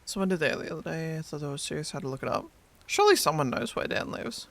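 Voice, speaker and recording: A man's voice: fairly high pitch, sing-song, fast talker, creaky, a bit bright. A man streaming a game, chatting casually with a friend and teasing chat in a playful way.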